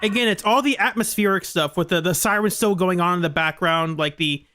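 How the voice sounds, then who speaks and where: A gaming commentator casually reacting to a story and reading lines aloud, with halting restarts. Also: mid-range voice, sharp tone. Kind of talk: game playthrough commentary, reading dialogue aloud.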